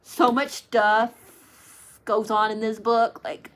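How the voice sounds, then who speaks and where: A woman's voice: a little high, level tone, slow, fairly bright tone. A woman chatting casually to camera about her favorite books, gushing and emotional, close to tears, with lots of "like" fillers. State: tearful, near crying. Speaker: book reviewer. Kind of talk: casual book chat to camera.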